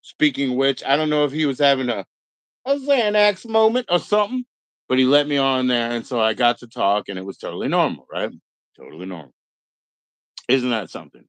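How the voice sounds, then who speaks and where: The middle-aged man hosting this casual livestream talks briskly in a sing-song, medium-pitched voice. He rambles, swears, and makes fun of people by mimicking them in put-on voices. The recording is rough, with no room sound.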